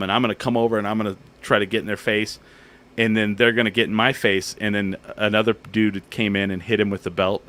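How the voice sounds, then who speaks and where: A man hosting a casual comedy talk show, telling an animated story and acting out what people said. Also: on the low side. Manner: animated storyteller, acts out quotes. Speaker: podcast host and comedian.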